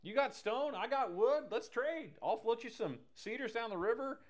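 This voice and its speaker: A man's voice: extremely high pitch, lively intonation, moderate pace, pitched above the performer's own voice. A man voicing a laid-back ancient king who talks like a chummy dealmaker. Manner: breezy, chummy, surfer-like banter.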